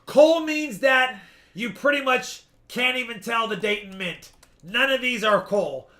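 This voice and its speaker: A man hosting a live-stream coin auction, explaining each lot at length with quick asides. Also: very high voice, bright, forceful tone. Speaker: coin seller and stream host.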